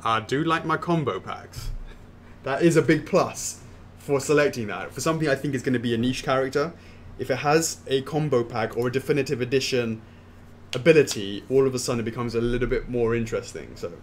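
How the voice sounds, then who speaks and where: Relaxed man reading fan questions. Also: medium pitch, fairly quick, a little hiss or hum. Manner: reads viewer questions aloud, then answers offhand. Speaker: host answering fan questions. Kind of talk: casual livestream Q&A.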